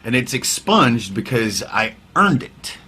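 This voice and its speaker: A husky-voiced man talks openly in a casual podcast interview. He tells his story with wry candor, swears freely and often sinks into quiet, low asides. His voice sits at an everyday middle pitch. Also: sing-song, slow. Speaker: podcast guest, veteran musician.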